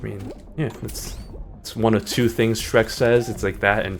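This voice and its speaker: A man's voice: on the low side, flat delivery, unhurried, vocal fry, soft background music. A man streaming a game, chatting in a hyper, rambling way that jumps between topics. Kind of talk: casual gaming stream chat.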